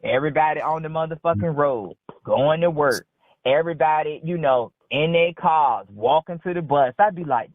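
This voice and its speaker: A woman's voice: low-pitched, normal speed, no echo. A woman calling in to a talk show, telling a rambling story bluntly and with heavy profanity. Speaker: caller. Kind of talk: casual phone-in storytelling. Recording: dry tinny phone line.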